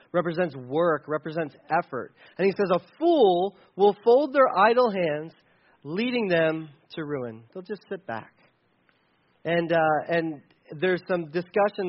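A high-sitting male voice, recorded in lo-fi, gives a conversational sermon on a Bible passage. He rambles casually and playfully acts out examples in asides.

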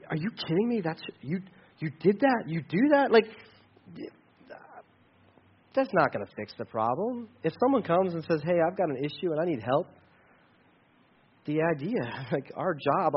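A man preaching a sermon, conversational, with sudden rises and quiet drops. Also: a little high, slightly rough, highs cut off. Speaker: pastor.

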